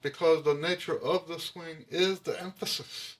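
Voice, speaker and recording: A man's voice: a little high, steady tone, moderate pace. A man teaching jazz trumpet to camera, emphatic, repeating his key points with frequent restarts. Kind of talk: explaining music to camera.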